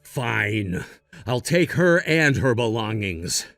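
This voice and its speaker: A man's voice: on the low side, sing-song, slow pace, a bit bright, dry recording, full character voice. A man voicing a level-headed, protective son in a read-aloud text-message story, firm and matter-of-fact. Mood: calm. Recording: dry close mic with faint music.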